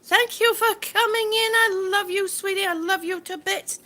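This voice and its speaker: A woman livestreaming from home as she walks, greeting viewers warmly by name and slightly out of breath, talking into a phone on a gimbal. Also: extremely high pitch, fairly even intonation, moderate pace. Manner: warm, greets viewers by name, calls them sweetie. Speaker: vlogger on a livestream. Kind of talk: chatty live stream while walking. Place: indoors at home. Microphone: phone on a gimbal held while walking.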